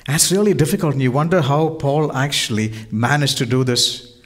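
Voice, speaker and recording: A man's voice: mid-range voice, animated, a little fast. A man pastor preaching a sermon in an earnest way, often asking his listeners rhetorical questions.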